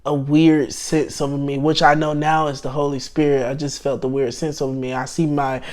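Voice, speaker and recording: A young man telling a personal faith story in a casual storytime, hesitant and full of restarts, swinging between hushed and excited. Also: on the high side, moderate pace. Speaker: channel host telling his testimony.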